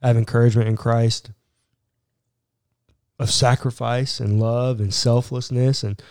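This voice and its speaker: A man's voice: medium pitch, flat delivery, a little slow, a little mellow, clear, resonant tone, no echo, clean studio sound. A man co-hosting a casual chat about prayer and faith, joking and thinking aloud as he talks. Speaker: podcast co-host.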